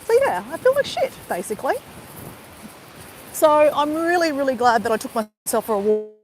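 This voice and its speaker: A woman's voice: sits high, sing-song, normal speed, slight background noise, rough recording. Tearful woman rambling on a walk. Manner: rambling, many fillers like "you know". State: tearful, crying. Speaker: vlogger. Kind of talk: emotional live-stream monologue. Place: outdoors on a walk.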